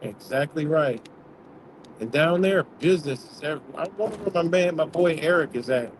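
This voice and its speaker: A man with a slightly high voice rants bluntly and profanely, rambling from story to story as host of his own livestream. Steady road noise hums loudly behind him, as if he is talking from inside a moving vehicle. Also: normal speed. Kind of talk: casual rant.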